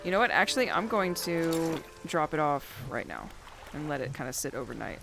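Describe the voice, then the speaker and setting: A young woman streaming a fishing game, chatting casually with loud, profane, laughing banter. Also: deep voice, expressive, normal speed, vocal fry, music in the background. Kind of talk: casual game livestream chat.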